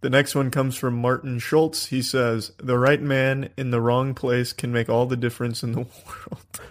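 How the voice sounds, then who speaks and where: A man's voice: medium pitch, level tone, moderate pace. A man co-hosting a podcast, reading out listener messages in a joking, casual way. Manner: reads messages aloud, jokey. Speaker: podcast co-host.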